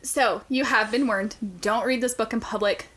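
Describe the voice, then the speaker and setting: A woman co-hosting a book podcast in casual chat, animated and profane, laughing often. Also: a little high, normal speed. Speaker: podcast co-host.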